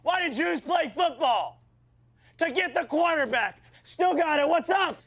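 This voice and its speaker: An actor playing a foul-mouthed, abusive male football coach who yells profane insults at his team in a comedy sketch. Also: very high-pitched, animated, a little slow, heavily acted. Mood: ranting. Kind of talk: shouted sketch comedy acting.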